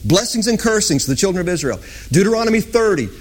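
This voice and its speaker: A man preaching a sermon with passion, sometimes chanting lines and sometimes dropping to a hushed whisper. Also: sits high, big pitch swings, quick pace. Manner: impassioned, swings from loud sung-out lines to hushed whispers.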